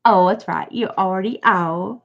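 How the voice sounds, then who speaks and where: A woman's voice: medium pitch, moderate pace, gravelly, highs cut off. A woman streamer chatting casually while she paints, playfully teasing and answering her chat.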